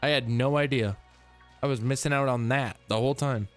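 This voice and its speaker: A young man streaming a game, chatting casually and jokily, now and then yelping high or humming silly tunes. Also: steady tone, brisk. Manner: laid-back, jokey, breaks into high yelps and silly humming. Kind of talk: casual gameplay commentary. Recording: faint music in the background.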